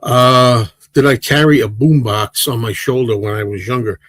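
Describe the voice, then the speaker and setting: A man's voice: medium pitch, moderate pace, dry recording. A man in his sixties hosting a casual livestream, rambling through viewers' comments and answering them one by one. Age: 60s. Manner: rambling, relaxed, answers chat questions one by one. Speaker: livestream host.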